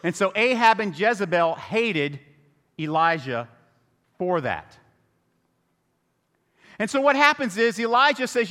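A man's voice: sits high, unhurried, pauses often, long reverb tail. A man preaching a humorous sermon as pastor, telling the story with jokes and asides. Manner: animated, joking storyteller. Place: church sanctuary.

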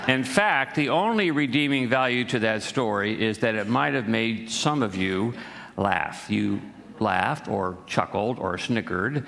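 A man's voice: lowish voice, a little slow, gravelly, fairly bright tone. A man preaching a sermon as pastor, folksy and joke-telling, with frequent fillers and restarts. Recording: reverberant hall.

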